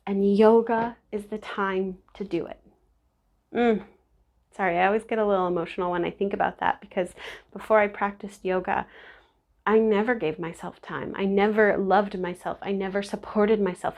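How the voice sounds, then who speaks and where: A woman yoga instructor guiding a beginner class, encouraging and openly emotional. Her pitch sits in an ordinary middle range. She keeps checking in with the listener. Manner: warm, encouraging and emotional, with frequent "right?" check-ins.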